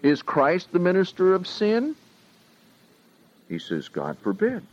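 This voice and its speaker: A man's voice: high voice, wildly swooping pitch. A man teaching a Bible study verse by verse, often putting questions to his listeners. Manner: slow and questioning, asks the audience often. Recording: dull lo-fi recording.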